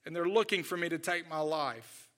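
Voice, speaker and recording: A man's voice: fairly high pitch, moderate pace, fairly bright tone, lightly acted. A man voicing a despairing, self-pitying male prophet who pleads that he is all alone.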